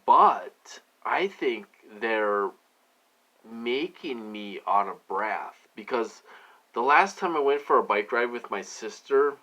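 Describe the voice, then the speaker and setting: A man's voice: mid-range voice, animated, slow pace, pushed and bright, low-quality recording. A man talking to his viewers in a rambling casual monologue, full of fillers and "you guys" asides. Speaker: vlogger.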